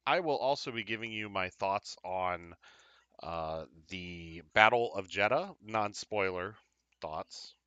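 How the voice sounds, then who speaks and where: A man hosting a casual live show, chatting in an upbeat, rambling way with lots of fillers and quick apologies. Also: sits low, expressive, sharp tone, smooth, no room sound, highs cut off. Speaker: podcast host. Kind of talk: casual live-stream chat.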